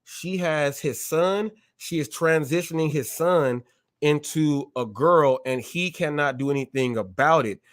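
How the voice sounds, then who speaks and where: A man hosting a live stream, talking in an animated way, often repeating himself and acting out short exchanges. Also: fairly high pitch, measured pace, dry recording, clean studio sound. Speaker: show host.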